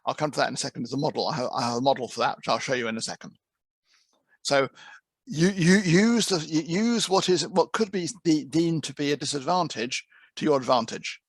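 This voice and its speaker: Speaking briskly in a slightly high voice with a breathy edge, the interpreting course head talks conversationally to his trainee interpreters. There's no room sound, and he frequently repeats words as he begins a thought again.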